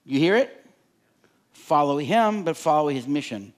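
A preacher delivers a sermon in an animated way, often tossing questions out to the congregation. His voice is high for a man and very lively, climbing and falling as he builds his points. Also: measured pace, pauses often.

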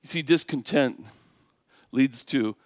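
A man preaching a sermon, animated, swinging from hushed asides to loud exclamations. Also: medium pitch, takes it slowly, dry recording, clean studio sound. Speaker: pastor.

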